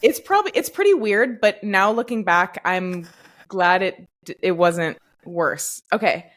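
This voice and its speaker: A woman's voice: medium pitch, animated, a little slow, fairly bright tone. Chatty woman podcast host. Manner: chatty storyteller, many fillers. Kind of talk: casual podcast chat.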